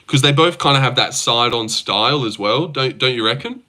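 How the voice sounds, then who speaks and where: A young man with a bright, forward voice talks casually on a livestream. He reads viewers' comments out loud and answers them with easygoing, joking banter. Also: mid-range voice, expressive, moderate pace. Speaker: livestream host. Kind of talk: casual live-stream chat.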